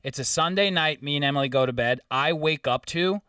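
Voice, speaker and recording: A young man hosting a podcast, telling a story in casual chat, swearing often and getting animated. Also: on the high side, brisk, smooth, no echo, clean studio sound, distant mic. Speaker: podcast host.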